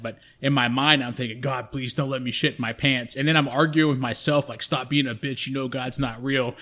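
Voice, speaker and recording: A man co-hosting a podcast, telling a story in a casual, profane and animated way. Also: mid-range voice. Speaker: podcast co-host.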